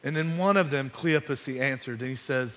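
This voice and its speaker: A man's voice: medium pitch, a little fast. A male pastor giving a conversational sermon, telling the story with sports asides and frequent restarts. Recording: dull sound with long hall reverb.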